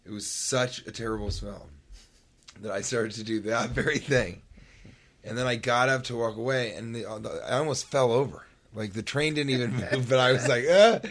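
A podcast host with a medium-pitched voice casually tells a comic story at normal speed. He's animated, acting out the sounds and voices as he goes.

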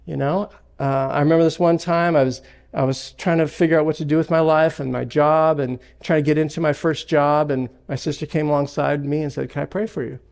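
A man's voice: on the high side, steady tone, a little fast, gravelly, hardly any pauses, darkish tone. A man preaching a sermon as pastor, emphatic, with repeated phrases and personal stories. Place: church sanctuary.

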